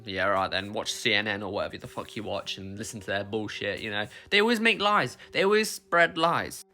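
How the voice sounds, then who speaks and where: A man's voice: lowish voice, animated, fairly quick, sharp tone. A man from the UK with a British accent, ranting bluntly to camera in a casual vlog, swearing and calling the viewer "mate.". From United Kingdom. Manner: blunt and profane, says "mate" constantly. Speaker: vlogger. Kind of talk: casual opinion rant to camera.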